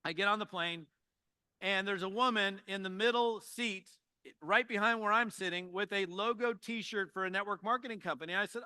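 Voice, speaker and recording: Fifties guy doing a sales-training talk, cracks jokes and tells stories, high bright voice, super crisp. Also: normal speed, no echo. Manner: joking, animated storytelling with asides to the crowd. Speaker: network marketing trainer and speaker. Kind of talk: motivational talk to an audience.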